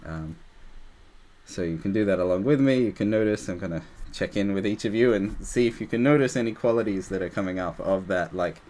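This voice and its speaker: A man with a fairly low voice guides a group through a meditation practice on a video call. His talk is loose and rambling, full of "like" and restarts. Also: fairly quick, a little mellow. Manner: loose and rambling, many fillers. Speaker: meditation teacher.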